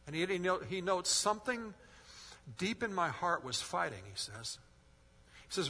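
A man's voice: a little high, expressive, brisk, bright, forceful tone. A male pastor preaching a sermon, earnest and rising in force as he retells a story. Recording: long hall reverb.

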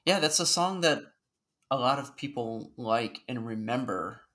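Bright-voiced man hosting a chat. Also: medium pitch, expressive, measured pace. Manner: chatty, explains at length. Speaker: podcast host. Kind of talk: casual chat.

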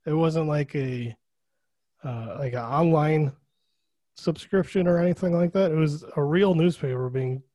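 A man's voice: on the high side, a little slow, warm tone, no echo. Chatty podcast guy, dry close sound. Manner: chatty, lots of fillers like "like". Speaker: podcast co-host. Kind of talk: casual chat.

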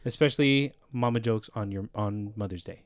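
A man's voice: lowish voice, normal speed, dry recording, studio quality. A man co-hosting a casual podcast, trading jokes and punching up the punchlines in easy banter. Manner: delivers joke punchlines with a lift, easygoing banter. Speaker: podcast co-host. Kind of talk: casual chat.

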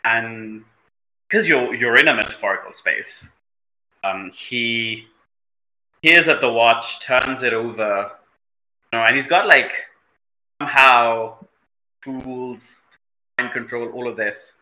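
A man with a very bright, forceful voice narrates his character in a tabletop game. He speaks reflectively and pauses often, filling gaps with soft hesitations. The room around him sounds roomy and echoey. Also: medium pitch. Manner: reflective, halting with many fillers. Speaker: player.

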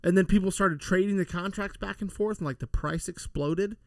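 Man, high-pitched, dry close sound, teasing, casual swearing. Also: normal speed, gravelly, no echo. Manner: teasing, tells history trivia, swears casually. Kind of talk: casual chat.

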